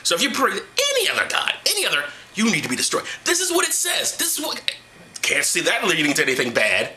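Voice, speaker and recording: A man's voice: high-pitched, huge pitch swings, quick pace, sharp tone. A man reading Bible passages aloud and mocking them with profane, sarcastic rants. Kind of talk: sarcastic comedic Bible commentary.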